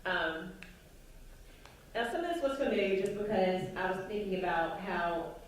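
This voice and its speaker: At a university lecture room, an American woman speaks on a panel, earnest and emphatic, posing rhetorical questions to the audience. Her medium-pitched voice is expressive and moderately paced, sometimes slipping into a deliberate Southern American accent. The distant mic picks up a roomy hall with faint ambient noise.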